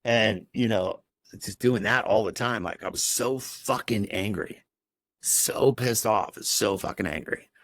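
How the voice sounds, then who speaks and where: A man's voice: fairly low pitch, a little slow, a bit bright, no room sound. A man as a podcast guest, telling his personal story in a raw, emotional way and swearing heavily.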